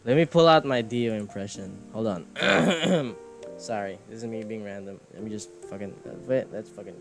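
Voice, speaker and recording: A man with a lowish, vocal-fry voice talks at a normal speed. He's a streamer and animator chatting casually as he draws, rambling, mocking himself, and often swearing and laughing. Soft music plays behind him.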